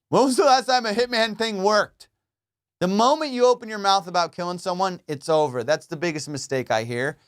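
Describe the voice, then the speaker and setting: A man's voice: sits high, fairly bright tone, smooth. A man hosting a comedy podcast, riffing in a rambling, profane monologue from his studio. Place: home studio.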